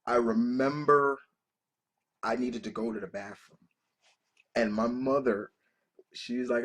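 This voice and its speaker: A man in his thirties hosting a reaction video, telling personal stories in a casual, profane and emotional way, full of restarts. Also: medium pitch. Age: 30s.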